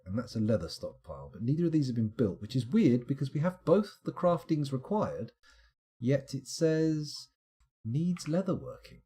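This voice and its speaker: A man's voice: medium pitch, dark tone, slightly rough. A man streaming a game live, thinking aloud in a chatty, self-mocking way. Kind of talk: live gameplay commentary.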